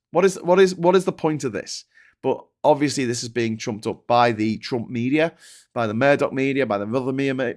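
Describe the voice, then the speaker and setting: Male host, mid-pitched, exasperated ranting through a casual news rundown. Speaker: livestream news show host. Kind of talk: casual news commentary reading viewer chats.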